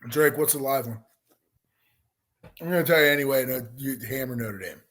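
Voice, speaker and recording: A man's voice: medium pitch, normal speed, fairly bright tone. A man co-hosting a sports podcast, pushing back and steering the debate. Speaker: podcast co-host.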